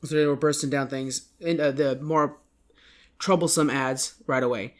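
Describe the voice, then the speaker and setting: A man's voice: a little high, fairly even intonation, moderate pace. A man hosting a casual podcast, rambling through an esports recap and often correcting himself. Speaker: podcast host.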